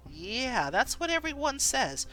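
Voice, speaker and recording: A man's voice: extremely high pitch, big pitch swings, unhurried, pushed and bright, soft background music, pitched above the performer's own voice, full character voice, poor audio. Woman doing a jumpy polite young guy from a story game, stumbles on his words. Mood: tentative. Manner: hesitant and polite.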